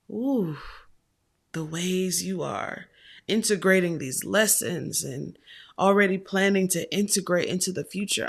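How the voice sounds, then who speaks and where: A woman's voice: on the low side, creaky, a bit bright. A woman hosting her own tarot channel, talking to her viewers in a heartfelt, affectionate way. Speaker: tarot reader and channel host. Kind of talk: casual direct-to-camera tarot vlog.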